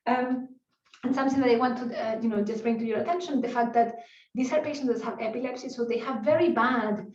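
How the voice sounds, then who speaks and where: A woman's voice: a little high, steady tone, fast talker, darkish tone. A woman neuroscience researcher giving an academic conference talk, explaining in an unscripted way with frequent tag questions and restarts. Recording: roomy, distant, dull lo-fi sound.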